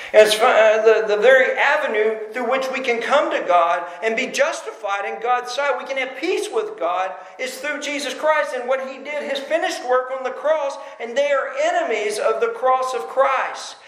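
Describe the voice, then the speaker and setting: A man's voice: very high-pitched, lively intonation, normal speed, a bit bright. A man preaching a sermon as pastor, emphatic and full of rhetorical questions. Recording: roomy echo.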